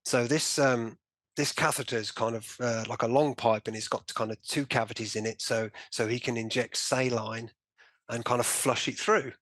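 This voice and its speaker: Guest voice: man, lively storyteller who acts out the remarks, dry close sound. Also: mid-range voice, normal speed, no echo. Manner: animated storytelling, acting out his own and doctors' remarks, many "you know" fillers. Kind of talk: personal story in a conversational interview.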